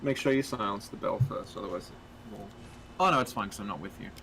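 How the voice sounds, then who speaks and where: A man's voice: on the low side, fast talker, a bit bright, a little hiss or hum, poor audio. A man co-hosting a game stream, chatting casually and explaining plainly. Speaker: streamer co-host. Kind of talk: casual chat while playing a game.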